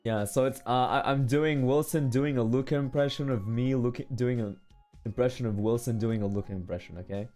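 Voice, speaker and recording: A man's voice: mid-range voice, steady tone, brisk, warm tone, faint music behind. A male streamer telling a long story to his chat in a casual, rambling way, often checking in with "okay?" and "right?".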